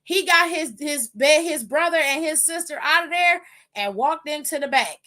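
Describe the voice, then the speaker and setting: A woman hosting a podcast, recapping wrestling in a casual, animated way, blunt and profane with sassy asides. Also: high-pitched, moderate pace. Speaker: podcast host.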